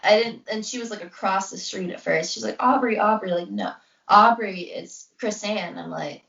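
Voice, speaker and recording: A woman's voice: medium pitch, normal speed, gravelly, a bit bright. A young woman co-hosting a podcast, rambling through a personal story in casual chat, saying "like" constantly and acting out what others said. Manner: rambling, heavy use of "like", acts out quotes. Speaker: podcast co-host. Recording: roomy, distant, dull lo-fi sound.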